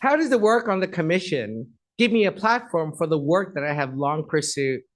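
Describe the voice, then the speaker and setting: Man, middle-aged, slightly high-pitched, guest speaker, informal speech with Q&A, chatty, effusive. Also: very animated, moderate pace, low-quality recording. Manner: chatty and effusive, addresses the audience as y'all. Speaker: guest speaker at an agency event.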